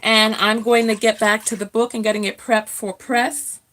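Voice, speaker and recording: A woman's voice: fairly high pitch, level tone, moderate pace, fairly bright tone. A woman hosting a casual live stream from home, chatting with viewers, reading their comments aloud and laughing often.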